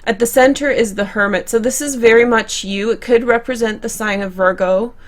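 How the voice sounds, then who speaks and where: A woman's voice: a little high, steady tone, brisk. A young woman reading tarot cards for her viewers in a chatty, conversational way, often restarting and correcting herself. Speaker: tarot reader. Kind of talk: tarot card reading to camera.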